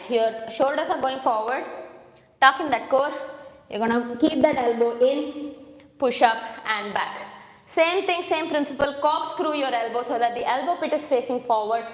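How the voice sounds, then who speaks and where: High-voiced woman coaching a workout. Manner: counting reps, upbeat coaching. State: out of breath. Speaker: fitness instructor. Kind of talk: workout class instruction. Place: home room with a hard floor. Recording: echoey room with long reverb.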